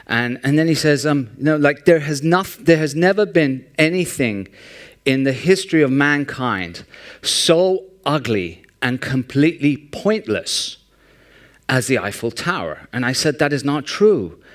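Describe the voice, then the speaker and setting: A man on stage at a big conference hall, poking fun in a wry, joking tone. His voice is smooth and resonant at an ordinary middle pitch. He tells his anecdotes with an animated, storytelling lilt. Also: unhurried. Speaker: conference speaker. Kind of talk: humorous conference talk.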